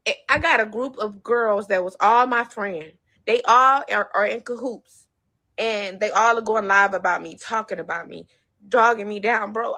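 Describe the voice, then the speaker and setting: A woman's voice: mid-range voice, normal speed, pushed and bright. Tearful, defensive woman livestreaming. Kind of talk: emotional live stream talk.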